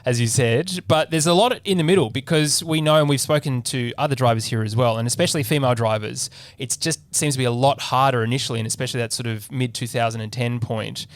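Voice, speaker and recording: A man's voice: mid-range voice, quick pace, few pauses. A man co-hosting a podcast, asking loose, rambling questions in casual interview talk. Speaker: podcast co-host.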